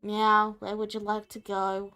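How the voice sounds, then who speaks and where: A woman voicing a monotone talking cat-head steering wheel that flatly tacks a meow onto its lines. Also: mid-range voice, a little slow, clean tone, faint music behind. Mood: deadpan. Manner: flat, deadpan, ends lines with meow.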